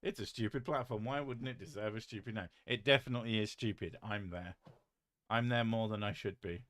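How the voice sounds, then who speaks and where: A British man chatting casually on a live stream, reading chat aloud with a joking, deadpan manner and casual swearing. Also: lowish voice, fairly quick, no room sound.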